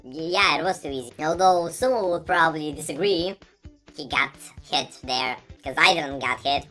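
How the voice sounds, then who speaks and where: A woman offers playful let's-play commentary, chatting and teasing the on-screen characters as game music plays behind her. Her voice is low-pitched and bright with a forceful tone, at a moderate pace.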